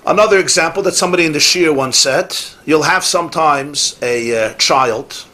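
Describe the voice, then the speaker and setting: Man, rabbi, Torah class lecture, emphatic, repeats himself, Yiddish and Hebrew words, slightly high pitch. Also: moderate pace, pushed and bright.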